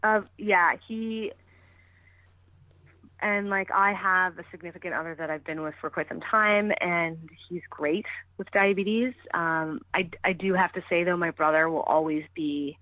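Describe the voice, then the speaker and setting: A woman's voice: on the low side, steady tone, unhurried, dry recording. A woman chatting as a podcast guest, talking freely with lots of fillers and restarts. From Canada. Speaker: podcast guest, ski coach. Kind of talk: casual interview chat. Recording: tinny phone-like line, dry.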